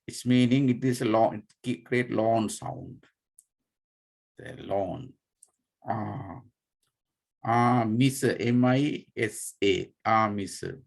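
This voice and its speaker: Slow, gravelly Sri monk teaching. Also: male voice, lowish voice. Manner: patient, spells out terms letter by letter, many fillers. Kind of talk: slow dharma class lecture.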